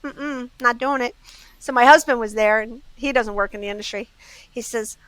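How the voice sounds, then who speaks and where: Bright-voiced woman telling store stories. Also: a little high, normal speed, dry recording, poor audio. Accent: Southern US. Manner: lively anecdotes, acts out customers' quotes. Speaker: jewelry store owner, guest. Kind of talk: casual storytelling.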